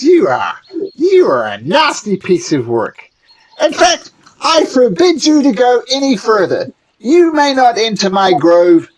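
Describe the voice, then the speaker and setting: A game master voicing an indignant little gnome who guards a forest grove, scolding the players in a high, shrill voice.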